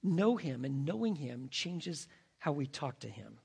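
A male pastor preaching a sermon and telling a story, swinging between hushed and loud delivery. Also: fairly high pitch, very animated, unhurried, vocal fry, husky.

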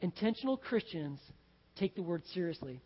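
A male pastor delivers a sermon in a high-pitched voice, animated and at times building to excited shouts. The sound is dull and muffled, carrying a long reverb from the church sanctuary. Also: normal speed, husky.

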